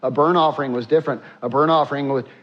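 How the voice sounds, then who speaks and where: Male pastor, mid pitch, preaching with lots of uhs, slightly muffled recording. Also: steady tone, racing. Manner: preaching with frequent filler sounds, acting out prayers in a hushed voice. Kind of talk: sermon.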